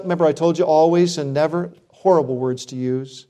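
A man's voice: fairly high pitch, brisk, few pauses, mellow. A middle-aged man preaching a sermon as pastor, earnest, with self-deprecating humor.

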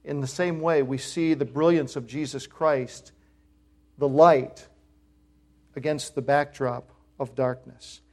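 A man's voice: mid-range voice, steady tone, takes it slowly. A middle-aged male pastor preaching a sermon, emphatic, lifting his voice on key phrases.

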